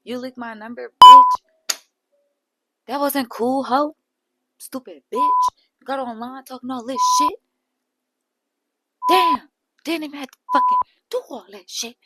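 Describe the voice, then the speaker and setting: A woman voicing an angry young woman cussing out a friend, loud and indignant. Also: on the high side, flat delivery, brisk, vocal fry, hardly any pauses, heavy background noise. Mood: furious.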